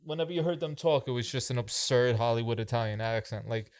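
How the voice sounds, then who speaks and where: A man's voice: medium pitch, fast, no echo, studio quality. A man co-hosting a casual movie review chat, incredulous and riffing on the absurd parts of a film. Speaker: podcast co-host.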